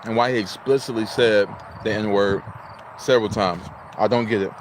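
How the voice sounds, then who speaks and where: A man's voice: fairly low pitch, steady tone, normal speed, background noise. A man from Illinois hosting a casual livestream, chatting, greeting viewers and reading out their chat messages. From Illinois, United States. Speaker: livestream host.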